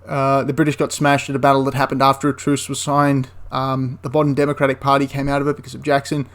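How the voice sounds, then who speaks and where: A man's voice: medium pitch, monotone, quick pace, fairly bright tone. A man giving a casual, enthusiastic spoken review of a tabletop wargame, rambling into asides and restarting his sentences.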